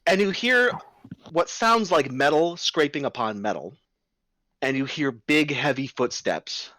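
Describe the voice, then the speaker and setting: A man's voice: on the high side, animated, a little slow, pushed and bright, no echo. A man running a tabletop game as game master, narrating playfully with sound effects.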